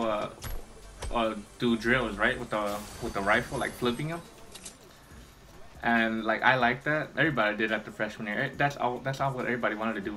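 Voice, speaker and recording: Young male gamer, bright tense tone, loose rambling storyteller who curses a lot. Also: lowish voice, poor audio. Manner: rambling, swears freely, many restarts. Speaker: gaming vlogger. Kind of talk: casual storytelling while gaming.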